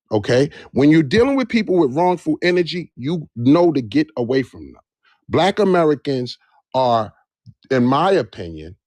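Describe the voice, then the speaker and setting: A man's voice: a little high, a little mellow, dry recording, studio quality. A man speaking in an impassioned live discussion, emphatic and repeating phrases for stress. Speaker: livestream debate participant. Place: Georgia area, on a live stream.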